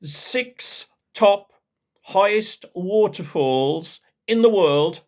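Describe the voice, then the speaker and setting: A man voicing a loud, pompous, bragging big man with a posh English accent, in a told story. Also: high-pitched, expressive, pitched above the performer's own voice, full character voice. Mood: boastful. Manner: pompous, boastful, drawn-out.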